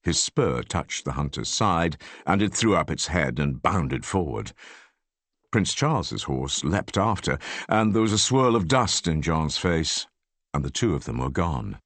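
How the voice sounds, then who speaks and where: A male audiobook narrator with a deep voice that rises and falls very widely. He reads in a measured, expressive style. The sound is dry and close, with no room. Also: dry recording. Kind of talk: scripted narration.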